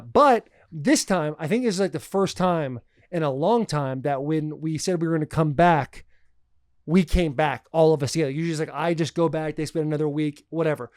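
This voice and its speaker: A man hosting a podcast, telling a family travel story in a loose, animated way and often calling people "dude". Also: a little high, smooth, dry recording, clean studio sound. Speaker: podcast host. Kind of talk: casual storytelling chat.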